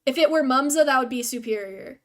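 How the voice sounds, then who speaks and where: A woman's voice: high-pitched, fairly quick. A young woman streaming a video game, chatting casually with viewers in a rambling, self-deprecating way.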